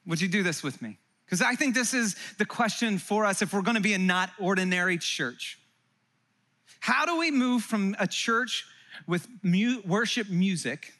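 A middle-aged man from California preaching to his congregation in a bright, high voice. He talks with animated energy and jokes, turning often to his listeners with quick asides. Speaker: pastor. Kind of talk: sermon. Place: church hall before a live congregation.

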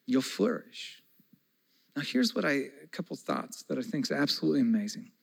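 A man in his forties preaching a conversational sermon as a pastor, moving between soft, slow passages and loud, excited ones. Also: a little high, creaky, slightly rough, low-quality recording.

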